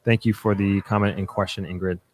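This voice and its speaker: Casual New man, slightly low voice. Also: level tone, brisk. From New York, United States. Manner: reads out comments then answers, with frequent restarts and fillers. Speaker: livestream host answering viewer comments. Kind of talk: casual live chat.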